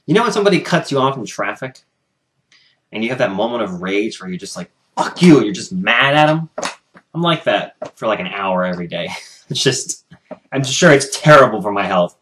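A man's voice: fairly low pitch, sing-song, brisk, fairly bright tone. Frustrated young man venting at home. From United States. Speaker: vlogger. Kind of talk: casual vlog rant.

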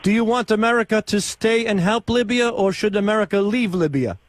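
A man's voice: sits high, fairly quick, voice pushed up, lightly acted. A man doing an accented prank caller. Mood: mock-earnest. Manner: questions in blunt broken English.

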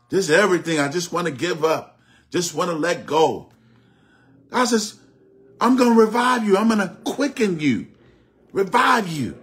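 A man's voice: high-pitched, a bit bright. A middle-aged man preaching a Bible study, repeating phrases and dropping frequent amens. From Oklahoma, US. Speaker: bishop teaching Bible study.

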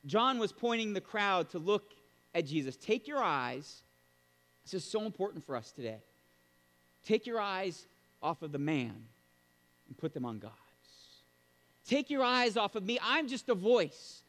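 Animated high-voiced male pastor preaching. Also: a little slow, long pauses, big-room sound. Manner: emphatic, animated preaching with sudden loud bursts. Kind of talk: sermon.

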